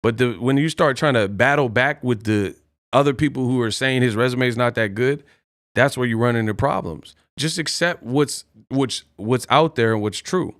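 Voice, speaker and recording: Man, boastful live stream rant, combative, mid pitch, dry close sound. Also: moderate pace, fairly bright tone, no echo. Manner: boastful, combative, repeats taunts at chat. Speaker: boxing live stream host.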